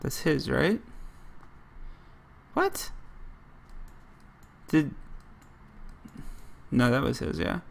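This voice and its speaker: Gravelly rambling American gamer guy. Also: mid-range voice, slow pace, pauses often. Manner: rambling, self-interrupting, lots of "like". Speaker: gaming channel host. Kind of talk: rambling gameplay commentary.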